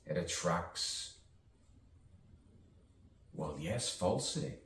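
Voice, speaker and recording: A man with a very low voice delivers a drifting, repetitive spoken-word poetry monologue at an unhurried pace. He sits well back from the microphone, so his voice carries the echo of the room around him. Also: a little mellow. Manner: drifting, repetitive, rhyming free association. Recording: echoey room, voice far from mic.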